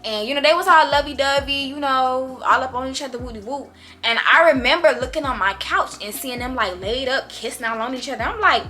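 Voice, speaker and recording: A young woman vlogger telling a story in a casual, animated, slangy way. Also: high-pitched, a little fast, soft background music.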